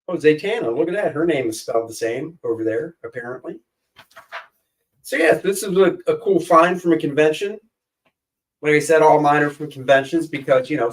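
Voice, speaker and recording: A man's voice: mid-range voice, far from the mic, rough recording. A man co-hosting a casual chat show, rambling and joking as he pages through comics. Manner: jokey, rambling, flips voices for quotes. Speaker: co-host.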